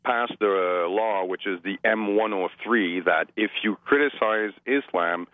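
A man's voice: lowish voice, unhurried, no echo. A man from Quebec calling in to a radio show, talking hesitantly with many fillers over the phone. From Quebec, Canada. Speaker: caller. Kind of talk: phone-in talk. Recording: tinny phone line.

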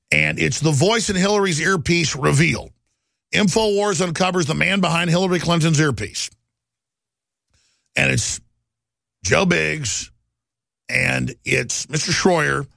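Gravelly combative talk radio host. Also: male voice, on the high side, fairly bright tone, dry recording. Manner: combative, ranting, rising to outbursts.

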